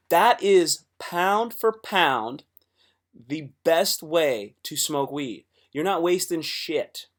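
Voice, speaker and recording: Male streamer with a raised pitch and a swearing, restart-heavy delivery. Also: lively intonation, takes it slowly. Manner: profane, rambling, with many restarts. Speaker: livestreamer. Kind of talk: casual livestream chat.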